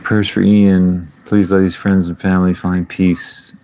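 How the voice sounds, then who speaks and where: A middle-aged man with a deep, low-pitched voice co-hosts a relaxed podcast livestream. He reads viewer comments aloud in a playful, easygoing way and chuckles often. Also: unhurried. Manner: playful, chuckling, tries silly accents. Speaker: podcast co-host reading live chat. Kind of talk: casual livestream chat.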